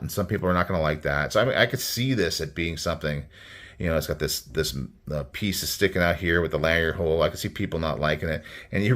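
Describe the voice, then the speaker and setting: Man, deep voice, relaxed and rambling, casual product review host. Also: slight background noise. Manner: rambling, easygoing, enthusiastic. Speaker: knife reviewer.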